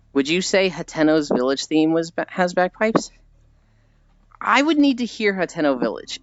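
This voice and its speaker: Dull lo-fi audio with faint background music carries a dry-sounding, higher-pitched man from the United States. He chats casually on a live stream, rambling, reading the chat aloud, and laughing at his own anecdotes.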